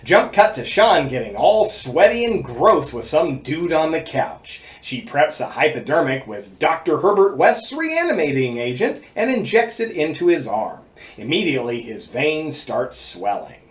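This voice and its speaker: A sarcastic male movie reviewer with a fairly high, bouncy voice that swings up and down as he rattles through gory lists. He sounds like he is in an echoey room, with faint music playing underneath his narration. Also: a little slow. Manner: sarcastic, playful, lively list-reading.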